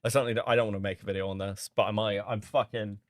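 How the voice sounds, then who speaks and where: A man's voice: on the low side, steady tone, rapid-fire, no room sound, clean studio sound. A man hosting a stream, reacting to a video with exasperated, incredulous anger, swearing and laughing in disbelief. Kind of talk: angry reaction commentary.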